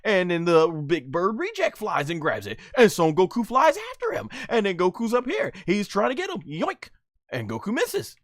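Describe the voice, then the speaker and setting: Animated man reviewing anime, lively voice. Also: sits high, normal speed, no echo, clean studio sound. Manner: animated, exasperated, repetitive. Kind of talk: live episode review commentary.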